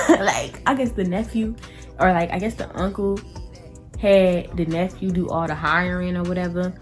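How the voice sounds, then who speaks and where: Teenage girl, casual storytime vlogger; lower-pitched, animated and chatty, light music underneath. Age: teens. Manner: chatty and animated, talks straight to viewers.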